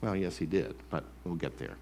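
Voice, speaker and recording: A male pastor preaching a sermon in church, animated and mimicking grumblers. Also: sits low, brisk, vocal fry. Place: church sanctuary.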